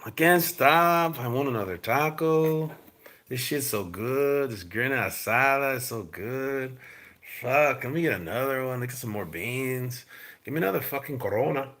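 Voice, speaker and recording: A man's voice: medium pitch, lively intonation, normal speed, a bit bright, pitched above the performer's own voice. A man putting on a gluttonous heavyweight boxer who is gorging on tacos and talking in a crude, greedy ramble.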